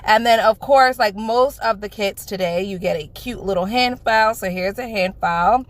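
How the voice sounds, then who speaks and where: A woman from the Bronx, loudly and gushingly unboxing a nail kit in a sing-songy voice. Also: medium pitch, moderate pace. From the Bronx, New York. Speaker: nail beauty vlogger. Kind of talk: excited product unboxing.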